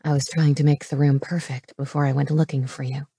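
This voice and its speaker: A woman voicing a tender, teasing adult man in an audiobook, speaking low and hushed. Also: level tone, fairly quick, slightly rough. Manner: low, hushed and soft-spoken.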